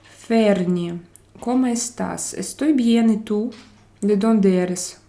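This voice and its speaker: Slow-talking woman streamer. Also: mid-range voice, creaky, dark tone. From Russia. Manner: greets viewers by name, switches between English, Spanish and French; unhurried, drawn-out phrasing. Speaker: live stream host. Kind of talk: casual live-stream chat reading viewer comments.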